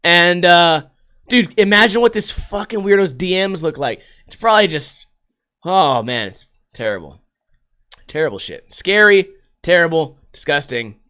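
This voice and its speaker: A man's voice: high-pitched, expressive, a little slow, sharp tone, clear, resonant tone. A man hosting a casual solo podcast, rambling and swearing a lot and laughing often. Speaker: podcast host.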